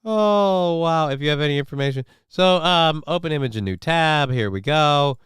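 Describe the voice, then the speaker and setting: Middle-aged guy hosting a stream, kinda high voice, smooth and dry close mic, sarcastic rambly asides. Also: fairly quick, fairly bright tone, dry recording. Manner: sarcastic, rambling asides, mock-indignant questions. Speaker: live-stream show host. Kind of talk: casual live-stream commentary.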